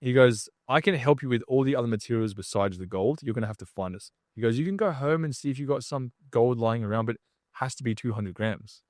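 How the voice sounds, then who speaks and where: A man's voice: medium pitch, quick pace, darkish tone, dry recording. Male podcast guest, casual storyteller, slangy, dry close sound. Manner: casual, slangy, acts out other people's lines. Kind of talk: animated storytelling.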